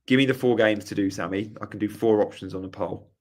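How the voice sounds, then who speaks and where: A young man hosting a live stream Q&A, reading chat questions aloud in a jokey, casual way, his voice hoarse after a night out. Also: on the low side, fairly even intonation, fast talker, a little mellow. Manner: reads chat questions aloud, jokey, tries silly regional accents. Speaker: host.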